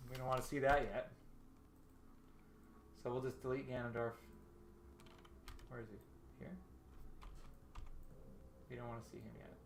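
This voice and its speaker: A man with a mid-range, slightly bright voice hosts a casual livestream, thinking aloud as he storyboards and chatting self-deprecatingly with viewers. The recording has a roomy echo and a little hiss or hum, with faint game music playing in the background.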